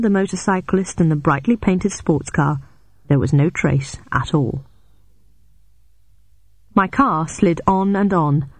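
A woman narrating a novel in the first person, in a measured storytelling way. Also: dry recording. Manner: measured storytelling, raises pitch sharply for shouted dialogue. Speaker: audiobook narrator.

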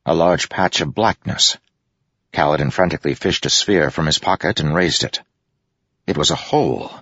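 Male audiobook narrator, extremely deep and gravelly, measured and grave. Dry, dull recording. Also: pushed and bright, no room sound. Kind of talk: scripted fantasy narration.

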